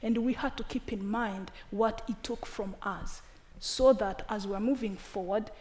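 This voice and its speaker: A woman's voice: medium pitch, steady tone, measured pace, a little mellow, slight background noise. A woman from Rwanda speaking on a panel, earnest and repeating phrases for emphasis.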